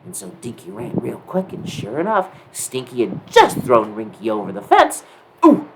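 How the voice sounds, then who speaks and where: A woman narrates a children's story, leaning in with questions for the listener. Her voice sits low but rises and falls a great deal, with a faint hiss of noise behind her. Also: moderate pace, gravelly, poor audio. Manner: animated, asks the listener questions.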